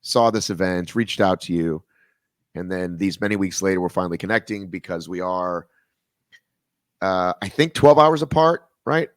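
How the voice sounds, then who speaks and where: A man hosts a relaxed chat, joking and wandering off on tangents. His voice sits fairly low, and the sound is dry and close. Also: normal speed, no room sound. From American South. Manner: rambling, jokey, goes off on tangents. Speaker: podcast host. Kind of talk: casual video-call interview.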